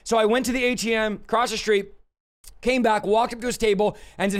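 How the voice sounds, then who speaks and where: A man's voice: high-pitched, steady tone, fairly quick. A young man preaching a sermon directly to his listeners, with an emphatic manner. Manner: emphatic, direct, addresses listeners as "you guys".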